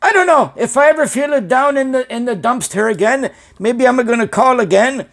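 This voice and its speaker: A nervous, rambling business owner who mangles his English and swears freely, as a man puts him on. His voice rides high and bounces around. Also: expressive, fairly quick, creaky, fairly bright tone, heavily acted. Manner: broken English, rambling, profane. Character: anxious, rambling immigrant male business owner.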